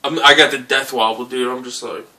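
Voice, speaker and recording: A young man telling a drunken story in casual, animated speech, swearing and asking "right?" again and again. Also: medium pitch, fairly quick, recorded from a distance, slight background noise. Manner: animated, swearing, says "right?" and "dude" often. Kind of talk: casual anecdote.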